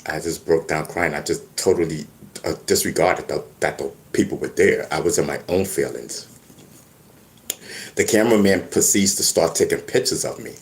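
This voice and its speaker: A man talking casually to camera, stammering and restarting often as he tells stories. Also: low-pitched. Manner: animated storytelling with many restarts and stammers. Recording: echoey room.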